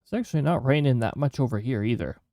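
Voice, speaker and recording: A man's voice: mid-range voice, animated, quick pace, warm tone, dry recording, clean studio sound. A man casually commenting as he streams a role-playing game, chatty and joking, sometimes reading game lines aloud.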